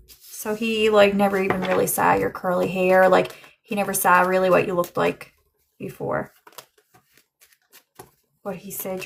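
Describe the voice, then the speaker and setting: A young woman giving a casual livestream psychic reading, chatty and gentle as she relays messages. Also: mid-range voice, little pitch movement, measured pace, creaky, long pauses, a little hiss or hum. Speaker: psychic medium.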